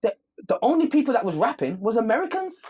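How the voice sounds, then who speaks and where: A man, a rapper being interviewed in casual chat, talking in rapid, animated street slang with lots of restarts. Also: extremely high pitch, slightly rough. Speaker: rapper and guest.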